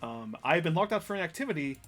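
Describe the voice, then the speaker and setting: Very animated and quick, a man with a slightly high, somewhat bright voice hosts and commentates a fighting game tournament live. He rambles chattily and laughs often while soft music plays in the background.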